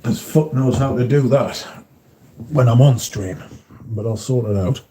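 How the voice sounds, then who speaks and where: Mellow-voiced British man chatting casually. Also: medium pitch, a little slow, slight background noise. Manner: chatty, swears freely, frequent fillers. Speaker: livestream host reading viewer comments. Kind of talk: casual chat.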